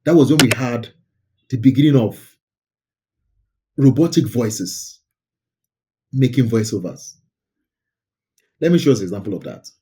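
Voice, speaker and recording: A man's voice: mid-range voice, lively intonation, unhurried, long pauses, a little mellow. A man hosting a casual screen-share commentary about online videos, emphatic and often repeating words for stress. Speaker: YouTube creator and host.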